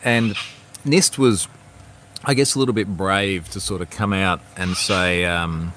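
Man, easygoing livestream host, lowish voice, rambling delivery, faint background noise. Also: fairly even intonation, a little slow. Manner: rambling, restarts mid-sentence, reads viewer comments aloud. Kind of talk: casual livestream chat. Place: outdoors at home with a view.

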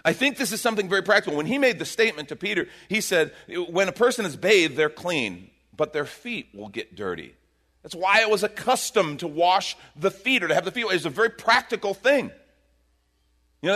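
Middle-aged guy preaching, slightly high voice that bounces all over, chatty sermon style. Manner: expressive preaching, acts out quoted voices. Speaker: pastor.

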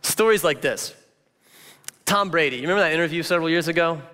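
A man preaching a casual, conversational sermon as a pastor, animated and chatty, full of filler words. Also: on the high side, fast, smooth. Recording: reverberant hall sound.

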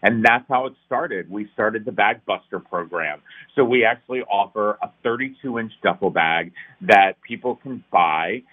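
In an interview, a middle-aged nonprofit founder speaks at normal speed in a lowish voice. Earnest and emphatic, he tells his story with passion that swells to rousing peaks. The recording is tinny, resembling a phone line.

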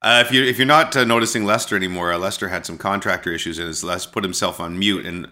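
Over a remote call, a Canadian man hosting a podcast talks fast in a deep, sharp-toned voice. His casual stories ramble, and he keeps restarting them.

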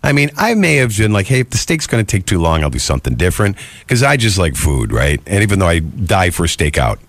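A man's voice: deep voice, big pitch swings, quick pace, no room sound. A man in casual chat giving blunt, opinionated advice.

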